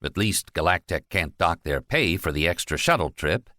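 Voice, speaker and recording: A man's voice: sits low, animated, normal speed, sharp tone, no echo, clean studio sound. A man voicing Leo, an engineer, speaking in a cheerful, reassuring way in an audiobook. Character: reassuring male engineer, joking lightly. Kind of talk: audiobook character voice.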